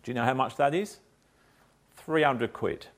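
A man's voice: medium pitch, moderate pace. A man preaching a sermon, acting out quotes and asking the listeners questions. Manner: animated preaching with acted quotes. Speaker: pastor.

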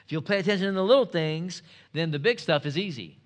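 A pastor preaching a sermon, emphatic and asking the congregation rhetorical questions. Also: male voice, sits high, expressive, fast.

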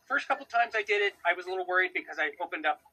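A man's voice: high-pitched, lively intonation, very fast, sharp tone, rough recording. A man from the United States co-hosting a podcast from Australia, rambling enthusiastically with many fillers. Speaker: podcast co-host. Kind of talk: casual chat. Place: home in Australia.

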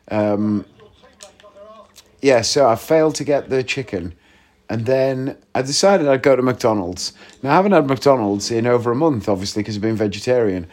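A man's voice: medium pitch, darkish tone. A man hosting a podcast, chatting casually and joking, rambling and easily sidetracked while playing a video game at home. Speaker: podcast host. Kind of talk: casual chat. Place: home, gaming while recording.

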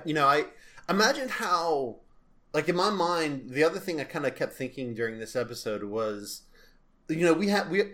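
A man's voice: mid-range voice, fairly bright tone. A man co-hosting a casual podcast about a TV episode, laughing often and acting out lines of dialogue. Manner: laughs often, acts out quotes. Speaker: podcast co-host.

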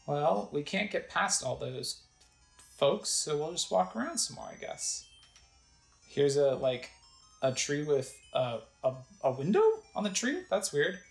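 A woman's voice: sits low, lively intonation, unhurried, creaky, roomy sound, faint music behind, rough recording. A woman casually narrating a video game playthrough, describing the screen and reading its text aloud. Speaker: gamer narrating a let's play.

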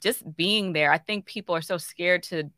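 A woman's voice: lowish voice, normal speed, fairly bright tone, no echo, clean studio sound. A woman hosting a talk show, speaking in an encouraging, affirming way to her viewers and guest. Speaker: host.

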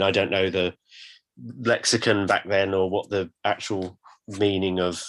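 Man, very low voice, hesitant, uh and um everywhere, casual chat. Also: fairly bright tone. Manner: hesitant, many fillers and false starts. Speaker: podcast co-host, writer.

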